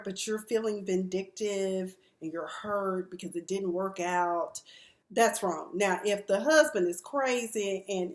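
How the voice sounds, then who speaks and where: Blunt woman in her 40s running down reality tv drama, cusses freely, acts out the people she talks about, mid pitch, roomy echo. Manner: blunt, candid, profane, mimics the people she discusses. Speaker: reality TV recap vlogger. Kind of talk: casual commentary.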